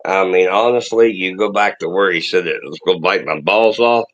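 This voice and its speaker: A man's voice: low-pitched, normal speed, a bit bright, highs cut off. A man on a livestream joking and teasing the others in casual banter.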